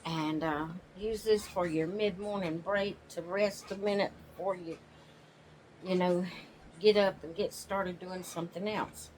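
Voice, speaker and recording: Slow, drawling woman chatting at home. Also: lowish voice, fairly even intonation, a little mellow, a little hiss or hum, low-quality recording. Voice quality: slow, drawling, yawns often. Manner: homey, rambling, with restarts. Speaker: channel host. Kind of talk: casual chat. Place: home, sitting in a rocking chair.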